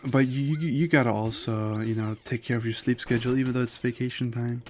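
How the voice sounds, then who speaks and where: A man's voice: mid-range voice, steady tone, fairly quick, darkish tone. A man in the middle of his vocal range who chats casually on a live stream while gaming. His talk rambles and is packed with "like" fillers, and he speaks his opinions bluntly. A faint hiss sits under the voice. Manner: rambling, loose, with constant "like" fillers; opinionated and candid.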